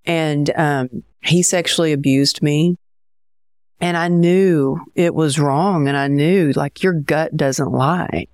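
A woman's voice: low voice, takes it slowly, no echo, clean studio sound. A woman guest in an interview, speaking candidly and emotionally about her past. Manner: candid, soft-spoken, emotional. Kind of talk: personal interview storytelling.

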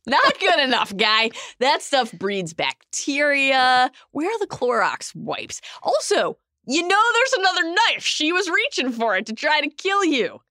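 A woman co-hosting a podcast, tossing in quick wry quips during an episode recap. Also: high-pitched, very animated, sharp tone, no room sound, studio quality. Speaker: podcast co-host. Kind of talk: casual recap chat.

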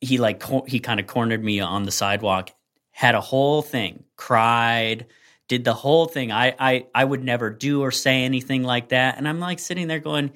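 A man's voice: mid-range voice, moderate pace. Rambling man telling a bar story. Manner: rambling, animated storytelling with many fillers. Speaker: podcast co-host. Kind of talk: casual storytelling chat.

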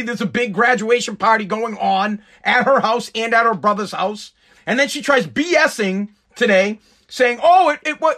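Brief: high-pitched man for a blunt, profane, sarcastic rant to camera. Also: bright, forceful tone. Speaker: commentator. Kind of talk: profane ranting commentary.

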